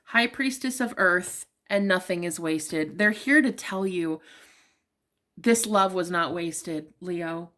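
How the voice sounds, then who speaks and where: A woman reading tarot cards for her viewers in a loose, casual, heartfelt way. She speaks at a middling pitch and addresses the listener directly, full of "like" and "um". Her tone is open and emotional rather than polished. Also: fairly bright tone. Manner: chatty, emotionally open, talks straight to the listener with many fillers. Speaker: tarot reader.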